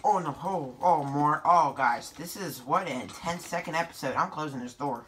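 A woman hosting a gameplay video, giving excitable, sarcastic running commentary to her viewers. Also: deep voice, moderate pace, slight background noise.

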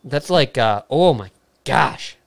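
A man's voice: medium pitch, lively intonation, slow pace, gravelly. A man co-hosting a whiskey live stream, playful and laughing often while giving tasting notes and reading chat.

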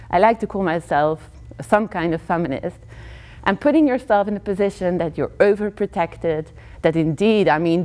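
A Belgian woman in her thirties with a Flemish accent and Dutch as her first language, giving a university talk as a criminology lecturer, telling her stories in a lively way and laughing between points. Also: medium pitch.

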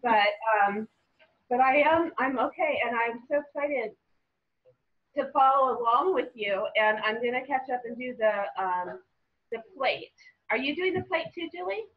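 Excitable woman on muffled call audio. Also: a little high, unhurried. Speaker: participant following along. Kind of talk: casual chat on a live call.

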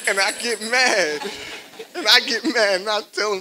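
Tearful young man, very high voice. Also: pushed and bright, a little hiss or hum, poor audio. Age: young adult. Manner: emotional, halting, repeats phrases. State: crying. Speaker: friend giving a eulogy. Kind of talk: eulogy at a memorial service.

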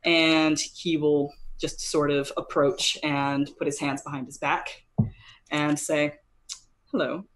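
A woman running a tabletop game as game master, describing the scene in a casual, meandering way. Her voice sits low. She fills gaps with ums and uhs as she thinks. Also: level tone, slow pace. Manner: casual with many fillers.

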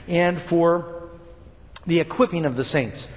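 A man's voice: on the high side, animated, normal speed, darkish tone, big-room sound. An older man preaching a sermon, talking casually to the congregation and building up emphatic points. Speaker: pastor.

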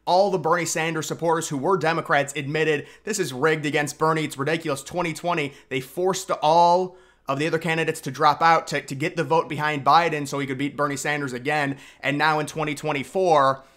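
A man's voice: on the high side, a bit bright. A young man giving opinionated political commentary, emphatic and sarcastic, with frequent restarts.

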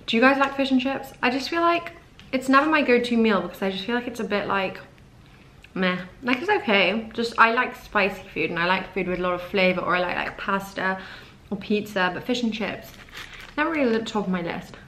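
A young woman talks straight to the camera in a casual vlog, her pitch sitting in an ordinary middle range. She chats at home and gushes freely, with "like" scattered through nearly every sentence. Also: a little fast, fairly bright tone. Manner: chatty, says "like" often, gushing. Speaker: fashion vlogger. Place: at home indoors.

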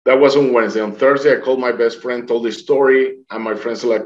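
A man's voice: mid-range voice, quick pace, few pauses. A middle-aged man speaking English as a second language, telling his own story in an interview and acting out what others said. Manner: animated, acts out the dialogue of others; non-native English grammar. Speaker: near-death experience survivor telling his story. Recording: dull lo-fi recording.

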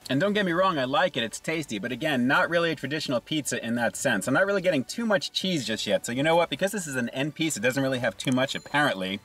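A man's voice: mid-range voice, lively intonation, fast talker, hardly any pauses, a bit bright, slightly rough, poor audio. A man hosting a casual food review, upbeat and chatty, talking to viewers between bites. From Southern California.

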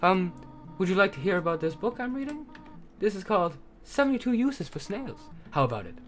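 Guy doing a sweet mom goat monster lady voice, kind and doting, kinda higher. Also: big pitch swings, a little fast, soft background music. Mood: cheerful. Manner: soft, kindly, doting, speaks in an accent. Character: gentle motherly female goat monster. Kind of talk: reading game dialogue aloud.

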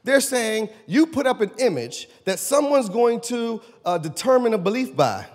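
A man pastor preaching a sermon in a church, animated and conversational, questioning his congregation. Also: very high-pitched, moderate pace. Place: church sanctuary. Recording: long church hall reverb.

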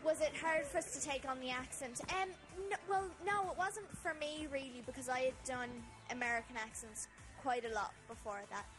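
A woman's voice: high-pitched, moderate pace, hardly any pauses, rough recording. A young woman, chatting as an actress guest on a TV interview, with lots of fillers and giggles. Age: young adult. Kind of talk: casual interview chat. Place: TV studio. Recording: music playing in the background.

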